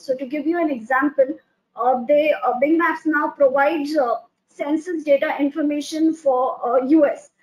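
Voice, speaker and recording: High-voiced woman, halting with fillers. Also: poor audio. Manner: hesitant, many filler "uh"s and restarts. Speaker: company founder and CEO, guest. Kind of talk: webinar panel talk.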